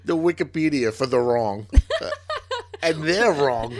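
A man's voice: mid-range voice, a little slow, a little hiss or hum. A man co-hosting a podcast in casual chat, joking and laughing often. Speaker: podcast co-host.

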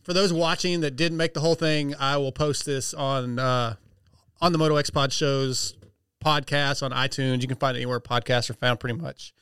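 A man's voice: mid-range voice, little pitch movement, moderate pace, fairly bright tone, smooth, dry recording, clean studio sound. A man hosting a podcast, chatting casually, backing his guest up with short replies and wrapping up the show. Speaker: podcast host. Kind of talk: casual interview chat.

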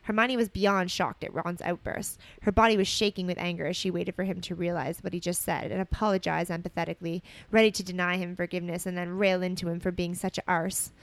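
A woman reading fan fiction aloud with expressive delivery and joking asides. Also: lowish voice, fast, hardly any pauses. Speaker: reader.

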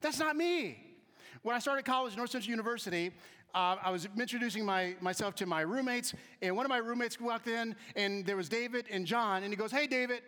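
A man tells stories to a live audience in a very high, bright voice, acting out the people he quotes. He drops to quiet asides, then punches key lines loudly. The sound carries a long reverb from a large hall. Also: brisk. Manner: animated, acts out quoted voices, shifts between soft asides and loud emphasis. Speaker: speaker giving a talk to an audience. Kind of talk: storytelling talk with humor.

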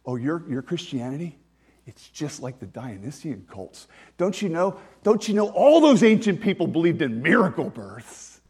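A man's voice: a little high, sing-song, moderate pace, darkish tone, slightly rough, in a large hall, exaggerated voice. A man doing a mocking skeptic. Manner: needling, repeating rhetorical jabs.

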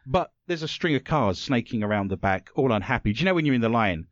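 A man's voice: mid-range voice, animated, fast talker, no echo, muffled recording. A British man hosting a comedy talk show, telling jokey stories with playful put-on voices. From Britain. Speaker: podcast host. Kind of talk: comedic casual chat.

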